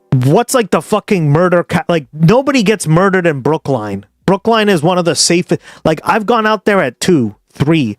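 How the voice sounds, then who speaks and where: A man's voice: a little high, no room sound, clean studio sound. A man from the Boston area with a Boston accent, chatting casually and profanely to viewers on a live stream. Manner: rambling, profane, addresses viewers directly. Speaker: livestream host.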